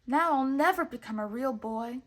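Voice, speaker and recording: A woman's voice: high voice, moderate pace, lightly acted. Pinocchio, an earnest wooden puppet boy, as a woman puts him on. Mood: despairing. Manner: eager, earnest exclamations.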